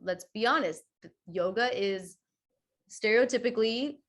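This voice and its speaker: A woman yoga teacher talking in a podcast interview, chatty and expressive, acting out quoted voices with big swings. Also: mid-range voice, normal speed. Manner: chatty, many fillers like "you know" and "right". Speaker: guest yoga teacher and teacher trainer.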